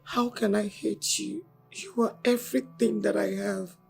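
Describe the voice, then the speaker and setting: A woman's voice: mid-range voice, creaky, a little mellow, husky, soft background music. A remorseful pleading mother. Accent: Nigerian English. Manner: soothing, apologetic, slow. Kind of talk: Nollywood film drama.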